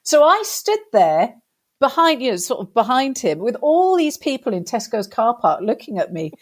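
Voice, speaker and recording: A British woman spinning a comic tale for an interviewer, her voice a bit higher than most and swooping up and down as she acts out each quote. She talks with a storyteller's energy, trying on other people's voices as she goes. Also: big pitch swings, normal speed. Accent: British English. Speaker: guest.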